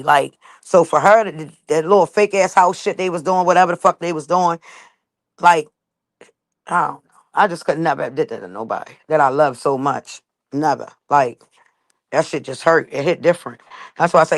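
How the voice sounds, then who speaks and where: A woman's voice: deep voice, normal speed. A woman speaks straight to her viewers, telling her own story in a blunt, emphatic way with plenty of swearing. The recording is dry and close, with no room echo.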